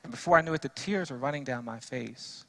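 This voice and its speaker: A defense lawyer tells a story to a church audience in an earnest speech, his medium-pitched, creaky voice moving fairly quickly. He goes soft during the sad passages and builds to emphatic repetition when he preaches.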